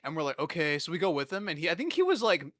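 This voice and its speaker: A man's voice: sits high, wildly swooping pitch, rapid-fire, fairly bright tone, no echo. A man in his twenties hosting a podcast, telling rambling, profane, self-deprecating stories in a casual comedic way. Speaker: podcast host.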